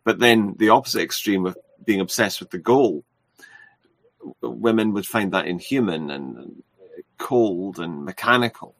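Agreeable, slightly hesitant man in casual talk, low voice, dry close sound. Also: a little slow, no echo. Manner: agreeable, hesitant, with fillers and restarts. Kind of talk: casual chat.

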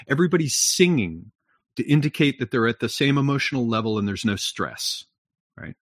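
A man's voice: mid-range voice, animated, fairly quick, no room sound, studio quality. A man in casual chat, lecturing bluntly and profanely, checking in with frequent "right?"s. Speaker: podcast talker.

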